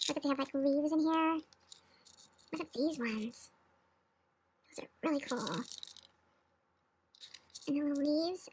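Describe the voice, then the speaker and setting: A woman hosting a casual craft unboxing, gushing and exclaiming over each item and sometimes dropping to a hushed near-whisper. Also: high-pitched. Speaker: craft channel host.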